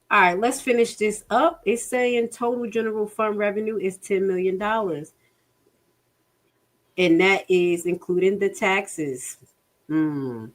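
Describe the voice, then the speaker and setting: Exasperated outspoken woman livestreamer. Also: lowish voice. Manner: outspoken and exasperated, swears, addresses viewers as y'all. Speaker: livestream host reviewing a township budget. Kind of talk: casual livestream commentary.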